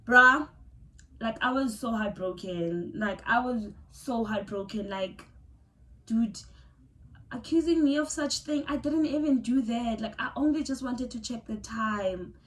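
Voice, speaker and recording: A woman's voice: on the high side, a little slow, fairly bright tone. A young South African woman vlogger telling a personal story in a casual, emotional, exclamatory way. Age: young adult.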